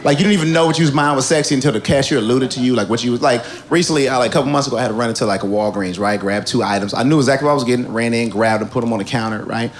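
A man doing a stand-up comedy set, animated and rambling, with crude punchlines. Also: mid-range voice, very fast, hardly any pauses.

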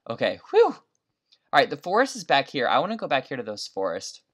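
A young man giving excitable, chatty let's-play commentary, dropping to whispers and jumping to shrieks. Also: medium pitch, fairly quick. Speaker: gaming video creator.

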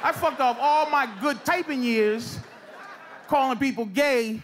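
A man doing a loud, animated stand-up set, jumping into shouted put-on voices. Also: very high voice, measured pace. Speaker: stand-up comedian. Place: comedy club stage before a laughing crowd. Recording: live club recording, loud crowd and noise. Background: audience laughter.

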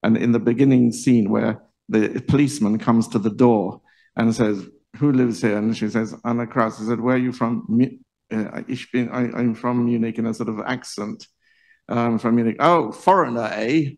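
A man's voice: medium pitch, fairly even intonation, normal speed, vocal fry, darkish tone, poor audio. A man moderating a panel discussion at a book launch, chatty and laughing often. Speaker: event host. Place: library event room.

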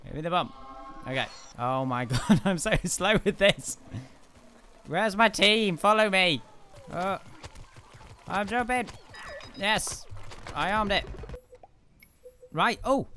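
A young man giving excitable let's-play commentary, laughing often and yelling at his teammates. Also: high-pitched, takes it slowly, pauses often, a little hiss or hum. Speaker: gaming video host.

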